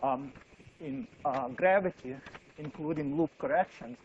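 A man's voice: on the high side, measured pace, dull audio, background noise. A man giving a university physics lecture, thinking aloud with frequent fillers and restarts.

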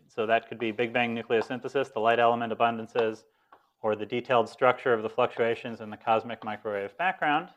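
A man's voice: on the high side, a bit bright. A male physics lecturer giving a live lecture in a conversational way, often correcting himself mid-sentence. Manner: conversational, many self-corrections and restarts; dry self-deprecating humor.

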